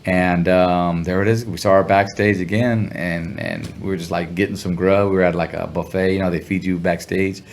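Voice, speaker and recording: A man telling a story in a relaxed interview, talking in slang and sounding animated when he quotes people. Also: sits low, normal speed, hardly any pauses, a little hiss or hum. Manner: laid-back, slangy, animated when quoting others. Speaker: guest musician.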